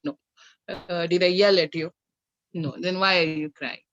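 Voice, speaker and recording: A woman guest, a mother and coach, telling a personal story in a candid conversation over a video call, animated and acting out dialogue. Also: on the low side, moderate pace. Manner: animated, recounts with acted-out dialogue and laughs. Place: home. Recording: slightly dull lo-fi sound.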